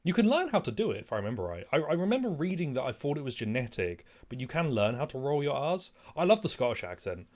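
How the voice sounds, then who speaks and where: A man with a mid-range voice streams a game and talks fast with few pauses, rambling along in an animated, profane, casual commentary.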